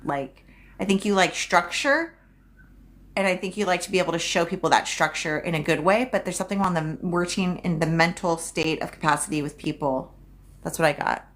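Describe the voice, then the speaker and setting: A chatty woman talking into her phone on a psychic livestream, her voice sitting a touch low. She keeps it loose and unscripted, swears freely and hammers key phrases through repetition. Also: fairly quick, fairly bright tone. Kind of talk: casual livestream chat.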